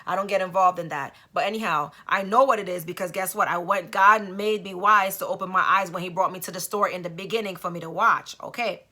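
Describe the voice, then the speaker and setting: Emphatic woman telling a story, bright tone. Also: fairly low pitch, steady tone, fairly quick, hardly any pauses. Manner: emphatic, with rhetorical asides. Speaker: vlogger. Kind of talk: casual storytelling monologue.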